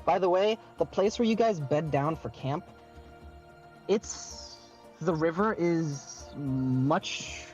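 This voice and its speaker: A man running a tabletop game as game master, joking and excitable, quick to curse. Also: on the high side. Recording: dull lo-fi recording with faint music.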